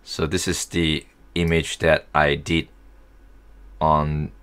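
A young man casually talking through a software tutorial, thinking aloud as he works. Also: a bass voice, little pitch movement, slow, clean tone. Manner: easygoing, thinking aloud while working. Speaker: tutorial host.

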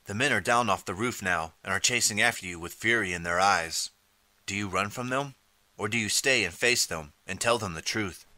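Low-voiced man narrating an audiobook. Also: moderate pace, no room sound. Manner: steady storytelling, reading out page choices. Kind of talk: scripted second-person narration.

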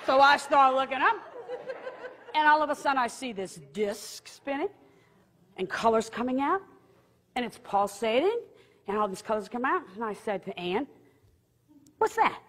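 A woman telling a personal story with animated delivery, laughing often and jumping into high excited outbursts. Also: normal speed, pauses often, long reverb tail. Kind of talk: testimony storytelling.

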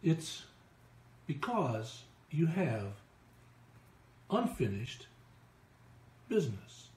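Slow, halting man channeling messages. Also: on the high side, sing-song, darkish tone, reverberant. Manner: halting, drawn-out words with long pauses. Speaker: channel for spirit guides.

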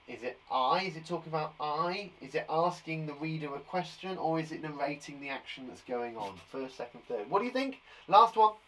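A young British man who is a primary school teacher, giving a lively, encouraging online lesson to young children, with playful asides. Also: a little high, fairly quick, few pauses, slight background noise. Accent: British English.

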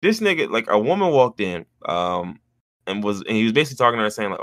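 Podcast co-host, male, lively storyteller, bright voice, big pitch swings, dry close mic. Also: fast talker, no echo. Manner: animated, jumps into high mimicking voices for quotes. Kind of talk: casual storytelling chat.

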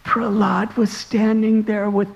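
Slow, gravelly man telling a devotional story. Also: high-pitched, little pitch movement, lo-fi sound. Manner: slow, earnest, dramatic storytelling. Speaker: monk and spiritual teacher.

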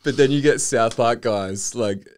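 A man's voice: mid-range voice, unhurried. A man co-hosting a podcast, joking and laughing in casual chat. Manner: joking, laughs often, lively. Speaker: podcast co-host.

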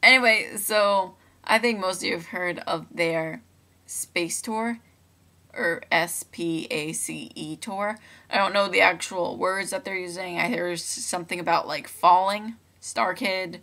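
Young woman vlogging with a bright voice. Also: lowish voice, creaky. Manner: chatty and rambling, with many fillers and restarts. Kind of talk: casual webcam vlog. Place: room at home. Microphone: laptop built-in mic.

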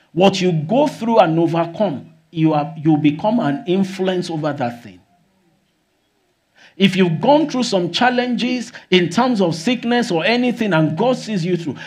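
A man preaching a sermon as pastor, often exclaiming hallelujah and rising to shouts. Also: sits high.

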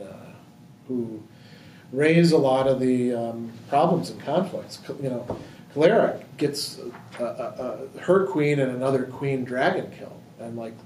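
A man's voice: mid-range voice, darkish tone. A man leading a book discussion in a library room, thinking aloud with many fillers and restarts. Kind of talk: casual discussion. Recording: roomy hall, distant mic, faint noise.

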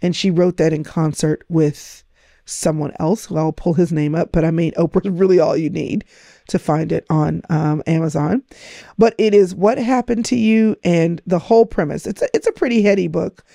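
A woman's voice: on the low side, normal speed, vocal fry, warm tone, no echo, studio quality. A middle-aged woman hosting a podcast, coaching her listeners with emphatic, repetitive phrasing. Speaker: podcast host. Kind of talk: motivational talk.

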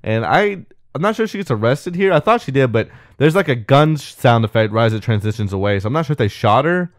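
A man co-hosts a podcast, talking fast in a mid-range voice as he casually walks through a film plot. He gets animated acting out the characters' lines and swears casually. Dry recording, clean studio sound.

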